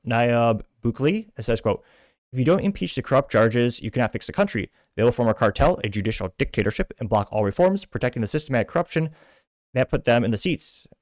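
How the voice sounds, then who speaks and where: A man's voice: on the low side, no echo, clean studio sound. A male show host reading social media posts aloud and commenting on them in a wry, mocking tone.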